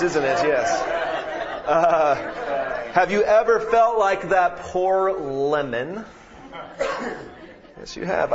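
Slow-spoken male pastor preaching. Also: a little high, lively intonation, lo-fi sound, crowd noise. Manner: reads scripture, prays, then preaches with jokes. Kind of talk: sermon. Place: church sanctuary with congregation.

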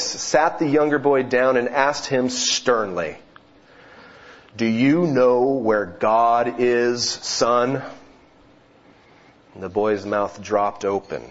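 A man's voice: mid-range voice, breathy edge. A man preaching a sermon, telling a joke as a story before turning to scripture, with occasional self-corrections. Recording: dull, lo-fi recording.

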